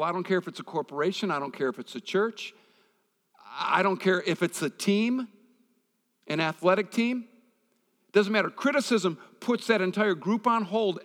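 This sermon comes from a man whose voice is a touch higher than average for a male. He preaches conversationally, mixing scripture with tales from his own experience. Long reverberation trails after him, like the acoustics of a large hall.

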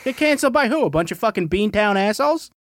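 A man's voice: high voice, animated, fast, voice pushed up. A man doing a brash Boston cartoon dad. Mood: outraged. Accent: Boston put-on. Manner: brash, shouting. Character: loud crude Boston cartoon dad, middle-aged man.

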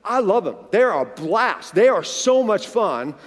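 40s pastor guy preaching, high voice, big echoey church hall, acts out the story as he goes. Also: a little slow. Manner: animated storyteller who acts out dialogue. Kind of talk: sermon with a personal story. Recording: long reverb of a large hall.

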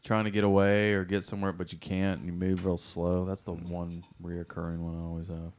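A man's voice: low voice, monotone, fairly quick, darkish tone. A man chatting casually on a podcast, laid-back and crude, cussing freely. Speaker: podcast co-host. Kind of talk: casual chat.

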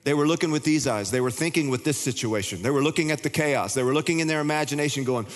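A man's voice: on the high side, fast. Older male pastor preaching in a hall. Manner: conversational preaching with repeated restarts. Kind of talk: sermon. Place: church sanctuary. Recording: long hall reverb.

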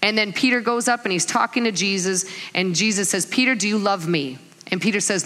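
This church talk comes from a middle-aged woman, a mother, whose mid-range voice moves a little fast and trails a long reverb. Her sermon is full of lively stories, punctuated by laughter and voices she performs for the characters.

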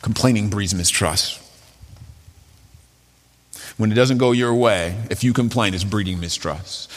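Conversational preacher in a reverberant hall. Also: male voice, lowish voice, measured pace, pauses often. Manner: conversational, restarts, colloquial asides. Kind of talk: sermon.

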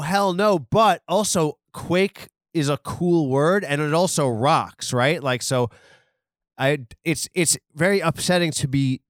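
Man, comedy podcast host, crude rambling talk, lively swings in pitch, dry sound. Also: no echo. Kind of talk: comedy podcast riffing on headlines.

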